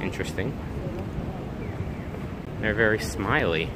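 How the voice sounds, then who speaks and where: Walking a busy city street, a man live streams and chats to viewers in loose, rambling asides. His voice is fairly low and expressive, and he takes it slowly, with traffic and street ambience clearly audible behind him.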